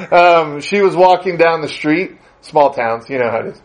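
A man's voice: fairly high pitch, lively intonation, normal speed, low-quality recording. A man preaching a sermon, telling a long anecdote in a conversational way, with fillers and the odd chuckle. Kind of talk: sermon storytelling.

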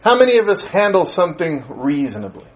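A man preaching a sermon in a high voice that climbs and falls in wide sweeps. He keeps asking his listeners questions and laughs as he tells his stories. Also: fast. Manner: animated, rhetorical questions, laughs while telling stories. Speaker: pastor.

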